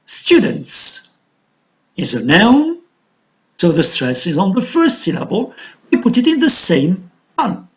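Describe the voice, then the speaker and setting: A man teaching an English lesson on word stress, explaining slowly and counting syllables aloud. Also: sits high, huge pitch swings. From Algeria.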